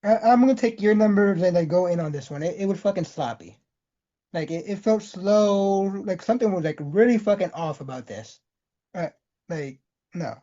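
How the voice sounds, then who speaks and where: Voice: medium pitch, lively intonation, normal speed, mellow, highs cut off. A podcast co-host in casual chat, hesitant and stammering, often laughing.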